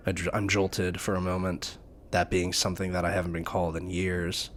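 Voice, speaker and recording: A man's voice: low-pitched, flat delivery, normal speed, slight background noise. A man reading a visual novel aloud, narrating the story in a casual way. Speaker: let's play narrator.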